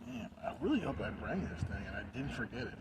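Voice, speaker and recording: A man's voice: mid-range voice, sing-song, fast. Rambling, slurring young man on a noisy recording. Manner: rambling, heavy fillers, slurring words. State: high on edibles. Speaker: vlogger. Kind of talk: rambling casual vlog. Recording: noisy background.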